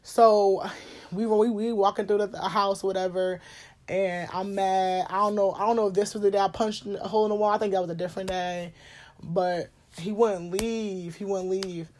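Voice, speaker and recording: A woman, telling a personal story in a blunt, animated way, swearing and laughing often. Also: medium pitch, moderate pace. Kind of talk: casual storytime chat.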